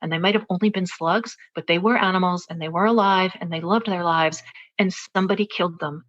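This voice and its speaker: A woman in her forties, guesting on a podcast, tells a personal story in conversation, earnest and reflective and often restarting her sentences. Her voice is fairly low and a bit bright, brisk in pace, with lo-fi sound.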